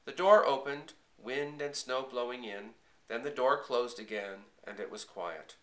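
A man reading a first-person children's story aloud, in a quiet, measured and earnest way. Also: medium pitch, roomy sound. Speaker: audiobook reader.

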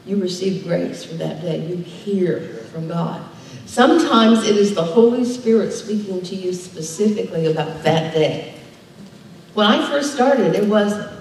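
A woman's voice: medium pitch, mellow, slight background noise. A woman pastor preaching a sermon, emphatic and drawing responses from her congregation. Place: church sanctuary. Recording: echoey church hall, distant mic.

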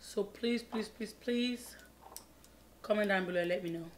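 Speaking at a normal speed in a medium pitch, this vlogger is a woman from Cameroon running a casual mukbang storytime video. She's chatty, keeps repeating pleading words, and mumbles as she eats, with a little noise in the background.

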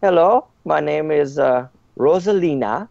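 A man voicing a young female maid with a put-on French accent, speaking haltingly. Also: on the high side, animated, creaky, a little mellow, no room sound, voice pushed up. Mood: resigned. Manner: hesitant, halting. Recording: dull lo-fi dry mic.

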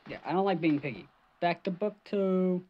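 A woman's voice: lowish voice, normal speed. A woman gamer giving live gaming commentary, jumpy, swearing and shrieking at scares, on a slightly dull lo-fi mic.

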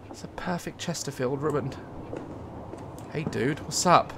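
A man's voice: on the high side, unhurried, vocal fry, pauses often, a bit bright, slight background noise. A young man commentating a horror game, joking nervously and breaking into sudden screams. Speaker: gaming YouTuber.

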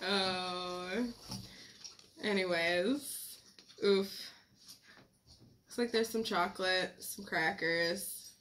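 A woman's voice: mid-range voice, lively intonation, extremely slow, pauses often, bright, forceful tone, a little hiss or hum. A woman hosting a casual snack-tasting vlog, laughing often as she reads the packages. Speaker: vlog host.

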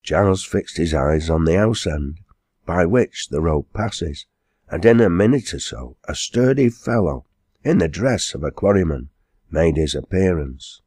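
A man narrating an audiobook in measured storytelling. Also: low-pitched, expressive, warm tone, husky, dry recording, clean studio sound. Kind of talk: scripted narration.

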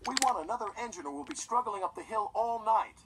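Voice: high voice, slow pace, background noise, pitched above the performer's own voice. A narrator voicing a gang of rude, cheeky freight cars who tease in singsong rhymes. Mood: taunting. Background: music.

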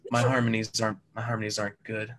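A man's voice: on the low side, completely flat delivery, fast talker, fairly bright tone, close to an everyday voice. A man playing an overly emotional young surfer in an improvised comedy scene, gasping and dramatic.

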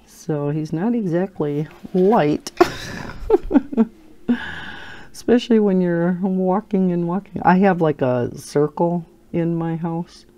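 A low, mellow older woman chats at an unhurried pace as she colors. She rambles through everyday stories and laughs often, with a baby in her arms. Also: dull audio. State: holding a baby while talking. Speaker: coloring channel host. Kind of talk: casual chat while coloring.

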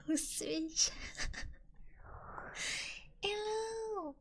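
High soft-whispering French-accented woman. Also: steady tone. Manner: soft whispering, giggly, drawn-out words. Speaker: ASMR streamer. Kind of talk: whispered ASMR chat.

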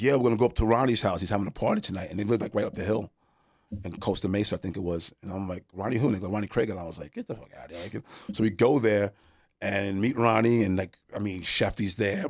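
A middle-aged man from New York spins his stories at a fast clip in a low, gravelly, husky voice. He swears freely and acts out the people he quotes. The sound is dry and close. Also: no room sound. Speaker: guest, skateboarder. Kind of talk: casual storytelling chat.

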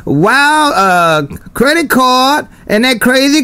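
A man's voice: extremely high pitch, animated, slow pace, hardly any pauses, bright, forceful tone. A man on CB radio, chatting in a folksy, repetitive way and calling the other driver by his handle over and over. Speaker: CB radio operator.

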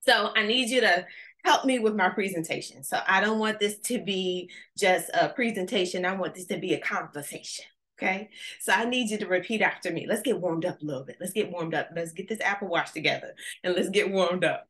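A woman giving an energetic, playful motivational talk with call-and-response to a virtual audience. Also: fairly low pitch. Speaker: conference speaker.

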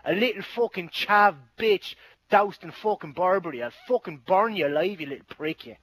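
A man's voice: high voice, animated, moderate pace, fairly bright tone. A man in online game voice chat, hurling insults and threats in a furious argument.

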